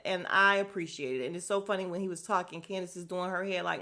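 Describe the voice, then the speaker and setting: A woman hosting a podcast, recapping a reality show in a casual, animated and profane way, often laughing, speaking into a podcast microphone. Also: medium pitch, fast, few pauses. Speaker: podcast host.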